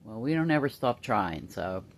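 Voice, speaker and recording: A woman chatting casually to viewers and talking to her pet bird in high sing-song baby talk. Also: sing-song, moderate pace. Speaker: pet vlogger. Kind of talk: casual chat to camera and pet.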